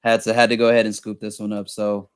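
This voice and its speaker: Ein Mann unterhält sich als Co-Moderator locker und entspannt über Kappen und lacht oft. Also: male voice, fairly low pitch, monotone, quick pace, clear, resonant tone. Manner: laid-back, laughs easily. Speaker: co-host. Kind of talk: casual chat.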